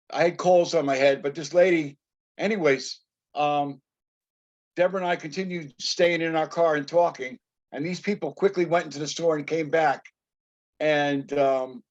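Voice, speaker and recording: Halting man telling confession story. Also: on the high side, lo-fi sound. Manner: halting, with many fillers. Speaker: class member.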